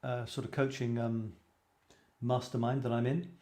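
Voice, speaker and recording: British male host, mellow voice, rambling and self-deprecating, roomy echo. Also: medium pitch, little pitch movement, normal speed. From Britain. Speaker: host of a photography show. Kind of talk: casual livestream chat. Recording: echoey room.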